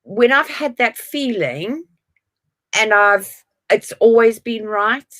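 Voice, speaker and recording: A woman's voice: on the high side, expressive, takes it slowly, pushed and bright. A woman guest, a former client, speaking in an earnest, reflective way in casual conversation.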